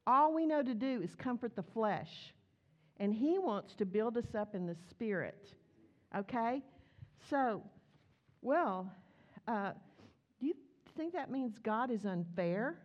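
A woman's voice: a little high, slow pace, pauses often, muffled recording. A woman preaching a sermon, telling a story and acting out the voices in it. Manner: animated, acts out voices in her stories.

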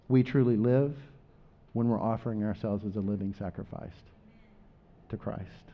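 A man preaching a sermon, rising loud on scripture and dropping quiet for asides. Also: on the low side, steady tone, normal speed, muffled recording.

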